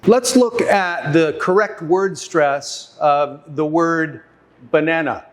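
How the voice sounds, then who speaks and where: Slow, careful male English teacher. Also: a little high, animated. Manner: slow, deliberate, repeats and sounds out example words. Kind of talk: classroom lesson.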